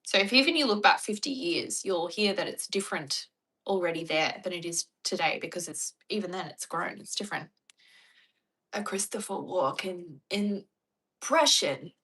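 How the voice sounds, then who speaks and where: Australian woman, casual chat host, lowish pitch, bright forceful tone, rambly. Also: brisk, breathy edge, rough recording. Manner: chatty, wanders off on tangents and tries on other accents. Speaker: streamer answering viewer questions.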